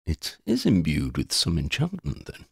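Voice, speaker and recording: A man voicing a courtly ferryman who speaks in a formal, measured way. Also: rumbling low, wildly swooping pitch, creaky, husky, no room sound, clean studio sound, pitched below the performer's own voice, heavily acted.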